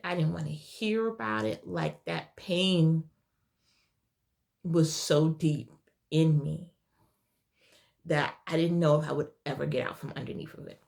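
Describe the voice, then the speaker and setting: A young woman telling a heartfelt personal story in a halting, tearful way, her voice at times dropping to a whisper. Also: on the low side, gravelly, a little mellow. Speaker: vlogger sharing a personal story. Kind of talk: emotional personal testimony.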